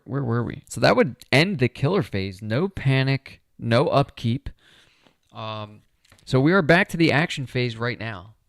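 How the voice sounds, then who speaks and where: A man's voice: mid-range voice, fairly bright tone, no room sound, studio quality. A man talking himself through a solo board game playthrough, chatty and upbeat as he explains each move.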